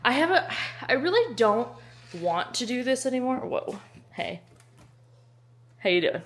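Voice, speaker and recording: A young woman from Texas talks to camera at home in a loose, chatty vlog. Her voice sits a little high, and she pokes fun at herself, breaking into sudden squeals and quick whispered asides. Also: very animated. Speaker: book vlogger. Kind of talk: casual vlog chat.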